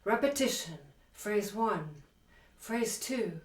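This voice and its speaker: A woman's voice: mid-range voice, lively intonation, slow pace. A woman teaching a piano piece, counting beats and singing phrases aloud with enthusiasm. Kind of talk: piano tutorial talk. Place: room with a piano. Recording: roomy sound from a distant mic, with loud piano. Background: piano playing.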